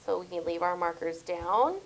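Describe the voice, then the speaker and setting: A woman teaches spelling to a small group in a classroom. She stretches words out slowly and thinks aloud as she works, with encouraging praise. There is a faint hiss and some clicking behind her voice. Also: fairly low pitch, rough recording. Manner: slow, drawn-out modeling of words and sounds.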